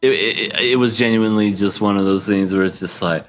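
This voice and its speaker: A man co-hosting a podcast in casual chat, animated and laughing often as he acts out scenes. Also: on the low side, fairly quick. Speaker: podcast co-host.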